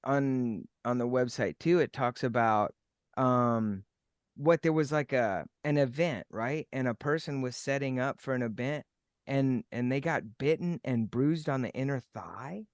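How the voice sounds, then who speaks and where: A man's voice: mid-range voice, a little slow, no echo, clean studio sound. A man co-hosting a casual chat, joking around and restarting his sentences often. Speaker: podcast co-host.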